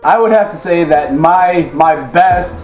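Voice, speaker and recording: High-pitched guy rambling thru a story, roomy echo, some music in the back. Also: a little slow. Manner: rambling, animated anecdote-teller. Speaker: guest. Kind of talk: casual chat, storytelling. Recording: echoey room with faint music.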